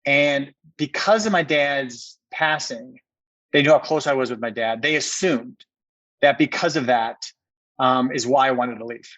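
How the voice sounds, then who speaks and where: A man's voice: medium pitch, measured pace, a bit bright, no room sound, highs cut off. A man, a company co-founder, telling a personal story as a podcast guest, earnest and repeating words for emphasis.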